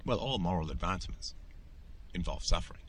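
A man's voice: sits low, expressive, a little fast, fairly bright tone, a little hiss or hum, rough recording. A man hosting his own show, giving an emphatic solo commentary monologue and often tagging his points with a rhetorical "right?". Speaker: podcast host.

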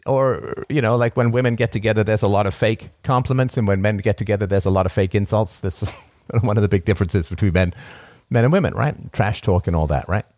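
A podcast host runs a call-in conversation, speaking emphatically, repeating key phrases and laughing at his own stories. His voice is lowish, quick and a little mellow, captured in a dry, muffled recording.

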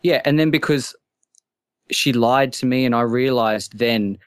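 Anxious halting male caller, dry sound. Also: mid-range voice, clean tone, no room sound. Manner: halting, stammering, many restarts. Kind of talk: call-in show, telling a personal story.

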